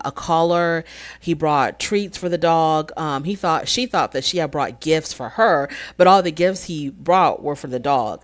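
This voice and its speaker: Low-voiced woman chatting through a show recap. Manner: chatty and opinionated, frequent "you know" fillers. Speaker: show reviewer, channel host. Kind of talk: casual episode recap and review.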